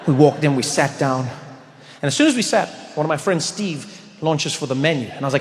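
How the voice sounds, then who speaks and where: A man's voice: fairly high pitch, fairly quick. Man telling stand-up stories. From South Africa. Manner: animated storytelling, bursts into loud shouts. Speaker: stand-up comedian. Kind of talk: stand-up comedy. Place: large theater stage. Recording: reverberant hall, faint noise.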